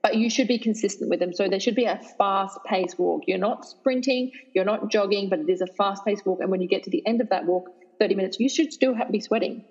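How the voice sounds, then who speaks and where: An Australian woman who works as a fitness trainer, talking in an energetic, emphatic way on a podcast. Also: medium pitch, fairly quick, hardly any pauses, slightly rough, big-room sound, muffled recording. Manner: energetic, emphatic, laughs easily. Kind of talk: podcast interview.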